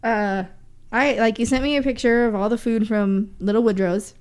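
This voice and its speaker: A woman's voice: a little high, fairly even intonation, normal speed, darkish tone, smooth. Giggly young female co-host. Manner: giggly, teasing banter. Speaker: podcast co-host. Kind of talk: casual chat.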